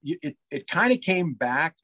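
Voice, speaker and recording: A man's voice: fairly high pitch, very animated, moderate pace, pushed and bright, breathy edge. A man who owns a pizza shop, chatting casually in an interview, rambling and eager with plenty of fillers and restarts. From United States.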